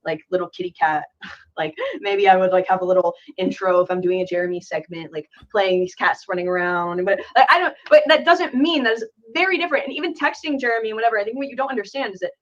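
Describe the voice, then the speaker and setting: A woman's voice: medium pitch, quick pace, highs cut off. A young woman content creator explaining herself earnestly, with lots of fillers. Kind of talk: explaining in casual talk.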